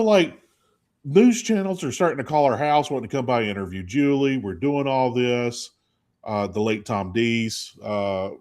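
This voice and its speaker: A man co-hosting a radio show, telling casual stories and acting out the lines of the people in them. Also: lowish voice. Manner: animated storyteller acting out quotes. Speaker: radio co-host. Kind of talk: casual storytelling chat.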